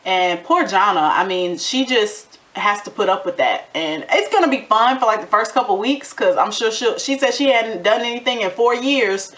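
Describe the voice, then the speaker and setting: A woman talks through a reality TV episode in a sassy, chatty way, now and then acting out lines from the people on the show. Her voice sits at a middle pitch. She sounds like a casual vlogger talking straight to her viewers. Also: normal speed, hardly any pauses. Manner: animated, sassy commentary with acted-out quotes. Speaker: TV recap vlogger.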